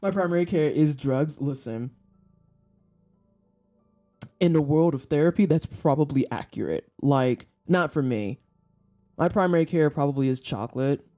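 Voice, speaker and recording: A woman in her thirties chats with her viewers in a relaxed, mellow voice. She tells her stories bluntly and candidly and swears without a second thought. Faint music plays low behind her desk microphone. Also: moderate pace. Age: 30s. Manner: blunt, profane, candid storyteller. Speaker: streamer chatting with viewers. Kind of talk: casual chat. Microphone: desk microphone for headphone listeners.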